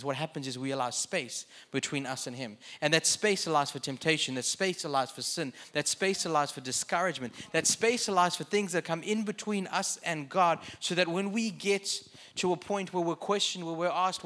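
A man's voice: fairly high pitch, sharp tone. A man preaching a sermon in a conversational way, with joking asides.

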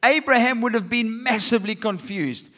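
A man's voice: very high-pitched, expressive, moderate pace, sharp tone. A man preaching a sermon, reading scripture and asking rhetorical questions with humorous asides. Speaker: pastor.

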